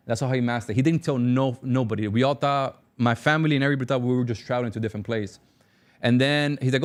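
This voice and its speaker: Fast-talking man from Cuba. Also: medium pitch. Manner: fast, animated, acts out dialogue. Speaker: guest. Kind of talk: casual storytelling.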